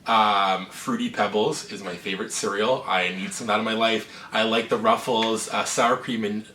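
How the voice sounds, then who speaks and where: A man's voice: fairly low pitch, fairly even intonation, moderate pace, sharp tone, slight background noise. A young Canadian man co-hosting a casual Q&A, chatty and laughing easily. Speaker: channel co-host. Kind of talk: casual Q&A chat. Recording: roomy echo, mic at a distance.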